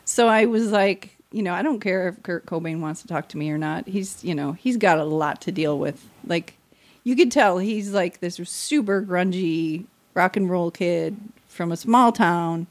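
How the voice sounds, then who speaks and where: A middle-aged woman chatting casually on a podcast, telling stories in an animated way and swearing freely. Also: lowish voice, moderate pace. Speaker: podcast guest. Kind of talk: casual chat.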